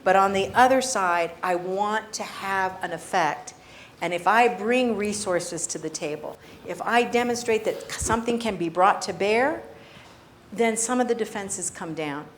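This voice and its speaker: A woman panelist at a public forum who speaks in a measured, firm way and gives advice. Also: mid-range voice, a little hiss or hum. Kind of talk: panel discussion response.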